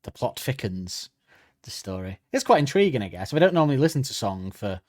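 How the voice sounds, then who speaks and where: A man's voice: medium pitch, very animated, brisk, dry recording, studio quality. A young man co-hosting a podcast in casual comedic chat, rambling with crude jokes. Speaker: podcast co-host.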